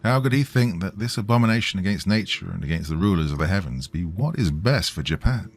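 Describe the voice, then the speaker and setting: A man reading a scripted horror story in a slow, grave storytelling way. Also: low voice, lively intonation.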